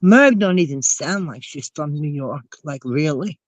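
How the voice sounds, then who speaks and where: A woman with a New Jersey accent and a cold, rambling through casual gossip with animated asides. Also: deep voice, a little slow, no echo, low-quality recording. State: has a cold. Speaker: chat participant.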